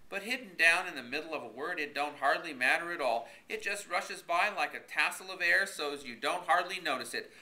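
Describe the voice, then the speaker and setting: A man's voice: on the high side, lively intonation, fairly quick, hardly any pauses, bright, forceful tone, voice pushed up. A man doing Horace, a stubborn country man. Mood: lecturing. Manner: folksy rural grammar, argumentative. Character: stubborn rural grown man, fussy about spelling.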